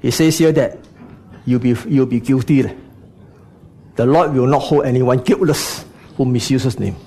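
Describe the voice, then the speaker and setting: A man's voice: mid-range voice, unhurried, dark tone. A man preaching a sermon, speaking to the congregation with frequent rhetorical questions and "you know" asides.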